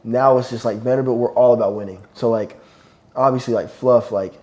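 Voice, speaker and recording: A young man, a college football player, chatting casually on a podcast and telling animated stories between bursts of laughter. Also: medium pitch, a little fast. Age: young adult. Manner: animated storytelling, laughing often.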